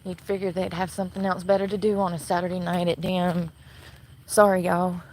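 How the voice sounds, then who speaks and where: A woman's voice: lowish voice, little pitch movement, fairly quick, darkish tone, a little hiss or hum, rough recording. A woman livestreaming outdoors at night from her phone, bitter and swearing constantly as she rants. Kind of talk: angry profane ranting livestream. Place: outdoors at night near a shopping center. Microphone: phone camera.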